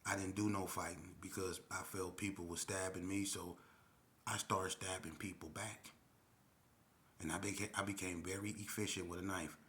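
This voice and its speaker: A low-voiced man tells a story in loose, slangy street talk. He keeps checking in with the listener as he goes and speaks in a plain, unhurried way. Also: flat delivery, a bit bright, a little hiss or hum. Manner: slangy, street talk with frequent "you know what I'm saying". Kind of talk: casual storytelling.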